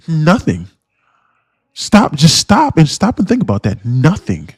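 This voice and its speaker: A man's voice: a little high, huge pitch swings, measured pace, breathy edge, dry recording. Profane, ranting man with a dry close sound. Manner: blunt, swearing, mocks viewers in put-on voices. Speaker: livestream day trader. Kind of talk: profane ranting livestream talk.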